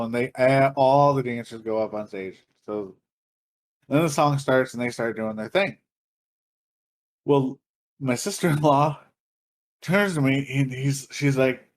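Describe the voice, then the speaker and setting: A man co-hosting a podcast, telling a story in casual chat, animated and profane, laughing and acting out other people's voices. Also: mid-range voice, measured pace, long pauses. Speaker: podcast co-host.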